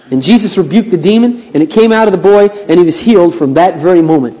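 A man pastor preaching a sermon, emphatic and repeating phrases, building to loud preaching. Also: fairly high pitch, animated, quick pace, hardly any pauses. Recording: long hall reverb.

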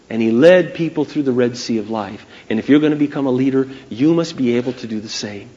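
A man preaching a sermon, retelling stories in an animated way and speaking straight to his listeners. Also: medium pitch, quick pace, few pauses, dull audio.

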